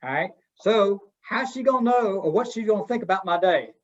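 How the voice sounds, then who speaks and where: A middle-aged man with a high-pitched voice presents a webinar, speaking fairly quickly through dull, lo-fi audio. His communication workshop is interactive and folksy, and he puts questions to his audience.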